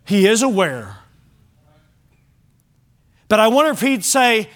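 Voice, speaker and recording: A male pastor preaching a sermon, swinging from loud exhortation to hushed lines, with conversational asides to the congregation. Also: sits high, big pitch swings, slow pace, pauses often.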